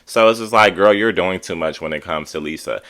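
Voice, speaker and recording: A man's voice: low-pitched, brisk, fairly bright tone. A man giving a sassy, emphatic, exasperated commentary on a reality TV episode. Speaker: reality TV recap vlogger. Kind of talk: casual commentary.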